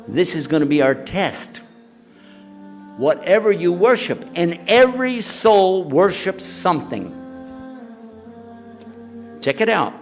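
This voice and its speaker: A man preaching to a live audience in an animated, conversational way, often throwing questions back at the room. His voice sits a little high and swings widely in pitch. Soft music plays faintly underneath. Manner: animated, chatty, quizzes the audience. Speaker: Islamic preacher. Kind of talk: lively lecture to a live audience.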